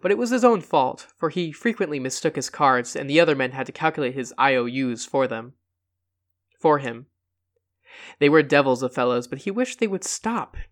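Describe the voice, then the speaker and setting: A man reads a short story aloud at a mid-range pitch. He narrates steadily and lifts the quoted lines with extra emphasis. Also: animated, normal speed. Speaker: reader.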